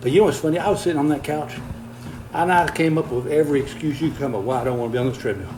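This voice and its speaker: A man's voice: fairly high pitch, racing, music in the background, poor audio. An older man, chatting casually on a livestream, reading viewer comments while walking on a treadmill, folksy and easygoing, slightly out of breath. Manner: folksy, easygoing, chuckles often.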